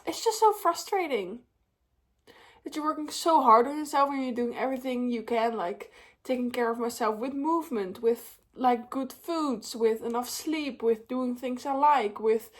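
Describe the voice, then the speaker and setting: A woman's voice: on the high side, moderate pace. Tired young woman vlogging at home. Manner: open and emotional, many fillers. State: tired and tearful. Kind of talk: casual talk to camera.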